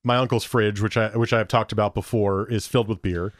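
A man's voice: on the low side, steady tone, brisk, dry recording, clean studio sound. Rambling man chatting on a podcast. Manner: rambling, storytelling, acts out quoted dialogue. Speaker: podcast co-host. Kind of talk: casual chat about beer.

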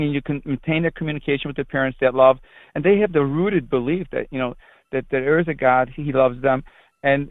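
Middle-aged priest, earnest and rambling, a bit high-voiced, on a dry phone line. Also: male voice, dry recording. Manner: rambling, earnest, with frequent restarts. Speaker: Catholic priest. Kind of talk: conversational interview answers.

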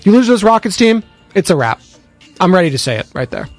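A man's voice: sits high, big pitch swings, fast, faint music behind. A man hosting a sports radio show, talking in a sarcastic, rambling monologue that drifts into tangents, recorded at a studio microphone. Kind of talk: opinionated sports talk monologue.

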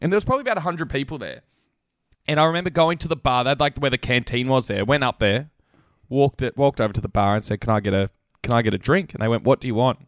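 A young man co-hosting a casual podcast, lively and quick to swear. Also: medium pitch, no room sound, clean studio sound. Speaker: podcast co-host. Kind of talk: casual chat.

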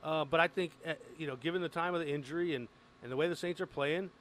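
Lively sports radio host. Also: male voice, a little high, fast talker, slight background noise. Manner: lively, joking, leads the talk.

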